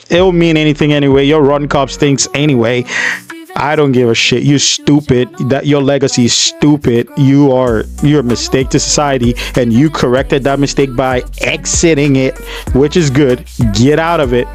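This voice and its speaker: A man hosting a reaction channel, talking back at a story video with effusive praise and blunt insults. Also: a little high. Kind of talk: emotional reaction commentary.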